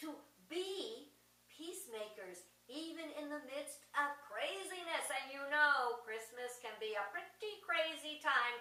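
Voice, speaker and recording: A middle-aged woman with a high, bright voice gives a gentle spiritual talk, slowing for emphasis. She sounds a little distant, with a roomy echo around her. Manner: gentle, slow emphasis, storytelling asides. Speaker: speaker giving an advent message.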